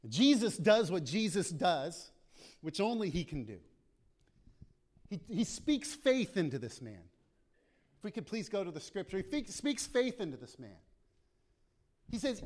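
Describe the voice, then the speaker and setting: A man's voice: high-pitched, sing-song, measured pace, long pauses, darkish tone. A man preaching a sermon with passion, acting out prayers aloud as he speaks. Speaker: pastor.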